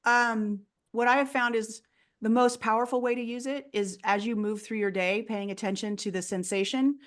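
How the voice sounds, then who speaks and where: A woman's voice: a little high, fairly even intonation, moderate pace. A woman talking as a guest in an interview, explaining her approach earnestly and acting out quoted people along the way. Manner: earnest, explanatory, often acts out quoted voices. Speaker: guest, fear coach. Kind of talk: casual interview talk.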